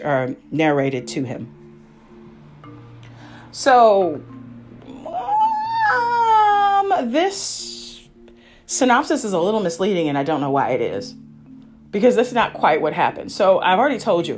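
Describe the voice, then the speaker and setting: A woman as the solo podcast host, deep voice, chatty and tangent-prone, faint music underneath. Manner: rambling, self-interrupting, chatty asides. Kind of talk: casual solo review chat.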